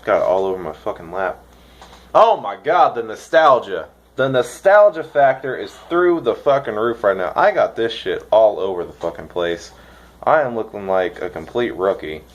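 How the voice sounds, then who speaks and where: A young man from the United States rambling excitedly in a casual vlog, swearing now and then. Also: lowish voice, normal speed, dull audio. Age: young adult. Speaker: vlogger reviewing dip.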